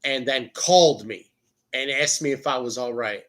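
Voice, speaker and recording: A man's voice: medium pitch, moderate pace, fairly bright tone. A man hosting his own show in a rambling, profane casual monologue, often cutting himself off mid-sentence. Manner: rambling, profane, self-interrupting. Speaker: podcast host.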